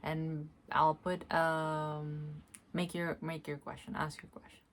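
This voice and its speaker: A woman vlogging alone, speaking softly and reflectively, often pausing to search for words and breaking into laughter. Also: deep voice, level tone, slight background noise. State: tearful at times. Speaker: spiritual vlogger. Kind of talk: slow reflective monologue, energy reading.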